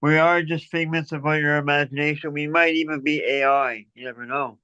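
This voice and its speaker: A man's voice: on the high side, fairly even intonation, brisk, pushed and bright, clear, resonant tone, no echo. Jokey male co-host, dry lo-fi sound. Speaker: livestream co-host. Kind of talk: casual livestream chat.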